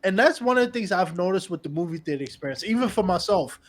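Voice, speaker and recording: A man's voice: high voice, animated, fast. A man hosting a podcast, chatting casually and animatedly with his guest, often restarting his sentences. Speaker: podcast host. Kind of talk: casual interview chat.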